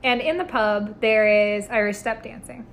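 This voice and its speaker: A woman's voice: a little high, moderate pace, creaky, a bit bright, slight background noise. A woman co-hosting a podcast, reviewing a movie in casual chat with dry, sarcastic humor. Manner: wry, sarcastic, laughs often. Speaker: podcast co-host.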